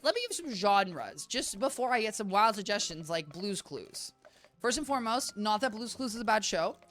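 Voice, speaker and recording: This game streamer's medium-pitched voice is bright and forceful yet a little worn out. While playing, they chat with viewers in a rambling, chatty way and keep addressing chat as "guys."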